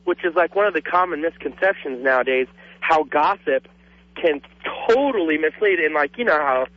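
A male caller on a radio call-in show, with a somewhat high voice for a man. He talks casually and rambles, filling the gaps with fillers. The sound is dry, dull and lo-fi. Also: expressive, moderate pace, dry recording.

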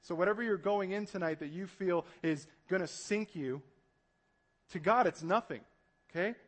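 High-voiced man preaching a lively sermon. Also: normal speed. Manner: animated, acts out panicked voices. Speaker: pastor.

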